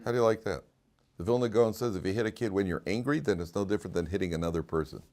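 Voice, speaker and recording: A man's voice: deep voice, racing, a little mellow. A man, a rabbi, giving an informal Torah class to listeners, joking and often restarting his sentences. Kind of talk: conversational Torah lecture with stories.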